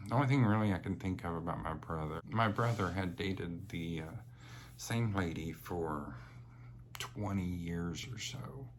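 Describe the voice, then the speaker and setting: A young man vlogger tells personal stories in a chatty, rambling way, full of fillers and laughs. His voice is deep and a bit bright, with slight background noise.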